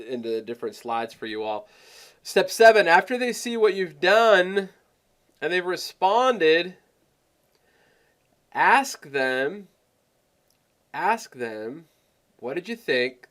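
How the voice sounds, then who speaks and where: A man presenting a sales training webinar, talking in an animated, emphatic coaching way. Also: mid-range voice.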